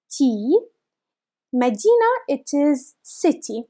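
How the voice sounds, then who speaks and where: A high-pitched young woman teaches a beginner class at an unhurried pace. She sounds every word out letter by letter and says it again, slowly and with care. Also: lively intonation, darkish tone. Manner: spells sounds out letter by letter, repeats words slowly. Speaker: language teacher. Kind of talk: slow, careful lesson.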